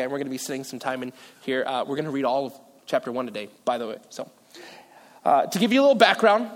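A male pastor preaching a sermon in a casual, joking way, with self-deprecating asides. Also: fairly high pitch. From Philippines. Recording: long reverb of a large hall.

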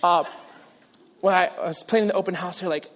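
A man with a high voice preaches a sermon as a pastor, chatty and joking, poking fun at himself between points. His voice rings out with a long reverb, as if in a large hall. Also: steady tone, brisk. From Philippines. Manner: casual, joking, self-deprecating asides.

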